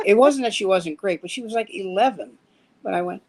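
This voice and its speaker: A man's voice: high-pitched, a little fast, rough recording. A man hosting a casual chat among comedians, telling stories with acted-out quotes. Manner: animated storyteller, acts out quotes. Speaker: comedian host.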